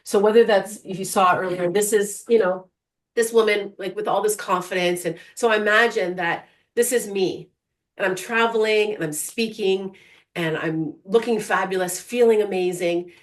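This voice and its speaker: Middle-aged female coach, mid-range pitch, lively storyteller in an interview. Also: moderate pace. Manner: animated, storytelling, frequent restarts. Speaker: guest, vision board coach. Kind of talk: conversational interview.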